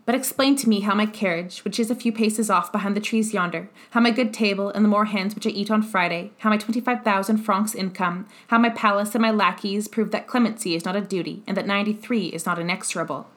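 A woman's voice: medium pitch, quick pace, hardly any pauses, a bit bright, natural voice. A woman reading a mild, humble old bishop. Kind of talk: audiobook character reading.

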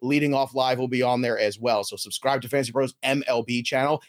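A man hosting a fantasy baseball podcast, energetic and joking as he reads plugs and introduces guests. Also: medium pitch, fast. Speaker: podcast host.

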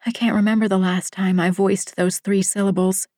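Woman audiobook narrator, first person, soft lyrical delivery, mid-range voice. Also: medium pitch, flat delivery, no room sound, studio quality. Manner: measured, hushed, lyrical.

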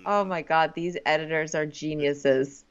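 A woman's voice: sits low, fairly even intonation, a little slow, dull audio. A woman co-hosting a casual chat, sarcastic and crude as she recaps a reality show. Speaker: podcast co-host.

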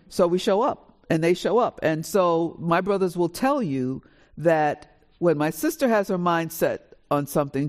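A woman, an author on a panel, telling stories on stage before a live audience, lively and animated, acting out the dialogue with big swings in pitch. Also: normal speed. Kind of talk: animated storytelling.

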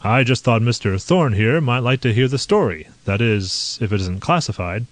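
A man voicing a bluff, excitable male navy captain who talks in a hearty, quick, exclamatory way. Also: medium pitch, no echo, lightly acted.

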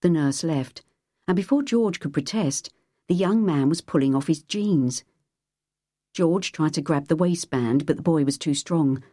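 Narrating an audiobook, a woman whose voice sits low tells the story in an even, measured way. It has studio quality with no audible room sound.

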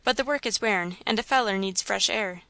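A woman's voice: medium pitch, brisk, bright, forceful tone, no echo. Woman doing a meek, sly old country uncle. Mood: confiding. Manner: drawling rural dialect, dropped endings.

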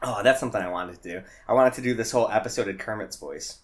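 A man's voice: lowish voice, fast talker. A man co-hosting a podcast, chatting casually about a movie with lots of fillers, tangents and laughter. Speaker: podcast co-host. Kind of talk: casual movie-review chat.

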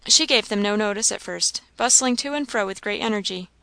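A woman reading a novel aloud in a steady, measured narration. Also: medium pitch, vocal fry, clear, resonant tone, no echo. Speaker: audiobook reader.

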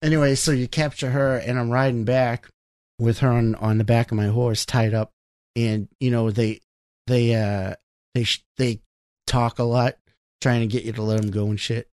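A man's voice: medium pitch, little pitch movement, normal speed, darkish tone, no room sound, studio quality. A man in casual chat, animatedly telling stories about a video game and acting out his own reactions, swearing freely. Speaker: gamer.

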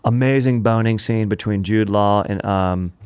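Male comedy podcast host, lowish voice, animated and punny, dry close sound. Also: normal speed, clean tone, no echo. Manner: animated, joking, punning. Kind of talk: comedic history storytelling.

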